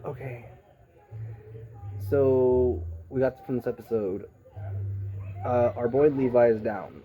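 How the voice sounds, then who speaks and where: A man giving a casual, rambling anime review, swearing freely and getting excited as he goes. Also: medium pitch, takes it slowly, phone-quality sound.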